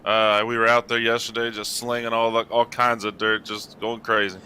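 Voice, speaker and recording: A man giving casual color commentary on a live sim dirt race, relaxed and a little halting as he explains. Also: mid-range voice, slight background noise.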